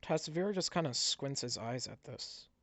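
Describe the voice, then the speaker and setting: A man's voice: mid-range voice, lively intonation, a little slow, a bit bright. Man narrating as game master. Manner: storytelling with frequent restarts.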